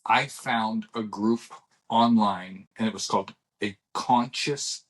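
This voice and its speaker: A man's voice: on the low side, slow pace, husky. Rambling middle-aged man telling stories. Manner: rambling storyteller who restarts and acts out dialogue. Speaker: podcast co-host. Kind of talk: casual chat.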